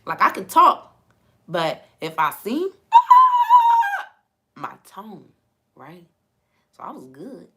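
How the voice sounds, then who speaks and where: Animated, slightly hoarse young woman. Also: lowish voice, slow pace, pauses often. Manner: animated, laughs often, talks straight to viewers. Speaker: live stream host and coach. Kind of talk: casual live chat with viewers.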